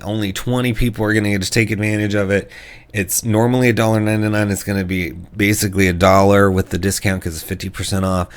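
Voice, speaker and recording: Low-voiced man reviewing game books. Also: creaky. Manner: hesitant, many fillers and restarts. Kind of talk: casual product review.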